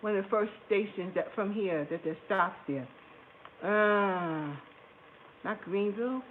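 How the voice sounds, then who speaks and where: Speaking a little slowly in a medium-pitched voice, a cooking channel host chats casually with viewers on her home cooking livestream. Laughter comes often. She's recorded in her kitchen, and the audio is tinny and phone-like with faint noise in the background.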